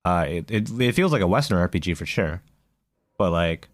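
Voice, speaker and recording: A man with a low, deep voice talks through a game in a loose, rambling podcast chat. He keeps circling back with fillers and restarts as he finds his words. The sound is close and dry, with no room around him. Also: expressive, moderate pace, dry recording. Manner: hesitant, many fillers and restarts. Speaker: podcast co-host. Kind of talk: casual chat about video games.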